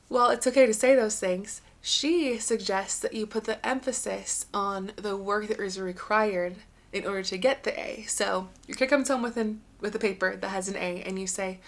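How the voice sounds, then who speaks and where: A woman's voice: medium pitch, steady tone, moderate pace, few pauses. Young adult woman, podcast host, earnest and encouraging, plain conversational delivery. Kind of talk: solo podcast talk.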